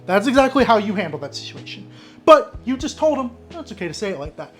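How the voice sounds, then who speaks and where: A man's voice: high-pitched, very animated, fast talker, soft background music. A man hosting an advice channel, reading an online story aloud and reacting with blunt, exasperated commentary. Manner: exasperated, blunt, breaks into frustrated rants.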